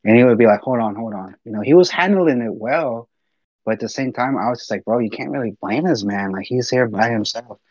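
A man's voice: medium pitch, brisk, darkish tone, no echo, muffled recording. A man telling rambling stories in casual chat, full of fillers and swearing. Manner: rambling storyteller, swears a lot, many fillers.

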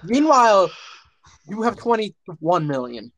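Over a casual online voice call, a Minnesota man talks earnestly, rambling and restarting often. His voice is high, sing-song and a little bright, delivered slowly. The recording is low quality with no echo.

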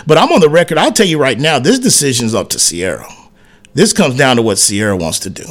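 A man's voice: medium pitch, brisk. A man co-hosting a sports talk radio show, telling a casual story and acting out the quoted dialogue, with "man" and "whatever" peppered through his speech. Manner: animated anecdote teller who acts out quoted dialogue, frequent "man" and "whatever".

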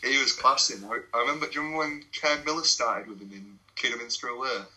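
A man's voice: mid-range voice, fairly even intonation, fast, sharp tone, rough recording. A young English man, a non-league footballer, telling laddish stories in a casual podcast chat, swearing and laughing as he goes.

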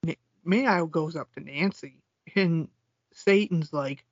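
A man's voice: fairly high pitch, measured pace, no room sound. A man co-hosting a podcast, casually retelling movie scenes and quoting lines, often laughing. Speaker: podcast co-host. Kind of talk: casual movie recap chat. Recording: dull lo-fi sound.

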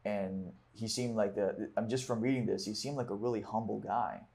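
A man's voice: on the low side, steady tone, normal speed, gravelly, a little mellow. A man leading a book discussion, reading passages aloud and then reflecting on them with casual fillers. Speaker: discussion leader.

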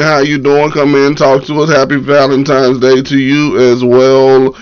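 A man's voice: mid-range voice, steady tone, normal speed, few pauses, clean tone. A man hosting a morning poetry live stream, chatting casually and loosely with slang, greeting viewers and reading their comments. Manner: laid-back, loose slang, repeats phrases. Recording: dull lo-fi live stream audio.

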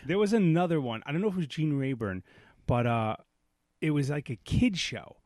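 A man's voice: a little high, expressive, normal speed, darkish tone, no room sound, clean studio sound. A man co-hosting a podcast, casual and blunt, with crude asides. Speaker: podcast co-host. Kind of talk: casual chat.

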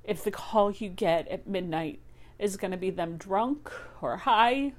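A woman's voice: mid-range voice, expressive, unhurried. A woman sharing a raw, emotional personal monologue about living with a partner's addiction. She talks intimately, sometimes whispering and sometimes rising in anguish, and swears freely. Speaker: partner of a recovering alcoholic.

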